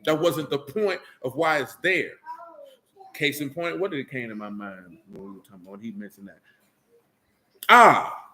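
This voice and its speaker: A man with an African American Vernacular English accent gives a sermon-style Bible lesson, high and bright in pitch. He talks in street vernacular and keeps firing off rhetorical questions. Faint background noise sits under the voice. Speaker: teacher.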